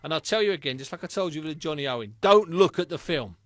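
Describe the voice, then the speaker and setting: A man's voice: on the high side, expressive, quick pace, fairly bright tone. A man hosting a boxing podcast, chatting casually and reading out listener answers. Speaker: podcast host.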